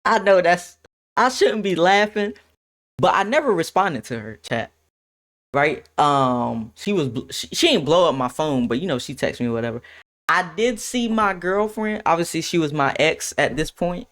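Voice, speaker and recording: A young man streaming a casual storytime to his chat, animated and laughing, acting out what others said. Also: on the high side, moderate pace. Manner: animated, laughs, quotes others in shifting voices.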